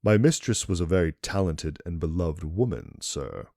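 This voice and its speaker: A man's voice: deep voice, sing-song, creaky, warm tone, no room sound, studio quality, heavily acted. A man doing a stern old steward reading a will. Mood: sharp. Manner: slow, measured, formal reading.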